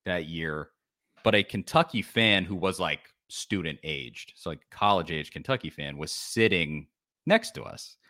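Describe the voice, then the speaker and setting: A man on a sports podcast rants about rival fans, his bright voice jumping up and down in pitch. He talks with lively, teasing force and drops into mocking whiny imitations. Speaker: podcast co-host.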